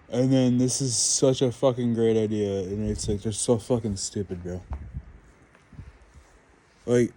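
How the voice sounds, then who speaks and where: A man's voice: medium pitch, mellow. A young man ranting to the camera about being stuck at home, swearing constantly and piling up filler words in a frustrated, venting tone. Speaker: vlogger.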